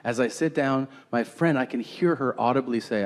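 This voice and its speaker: A man telling a fast, low-key stand-up story on stage before a live audience. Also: a little mellow. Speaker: stand-up comedian. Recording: live stage mic with audience and room noise.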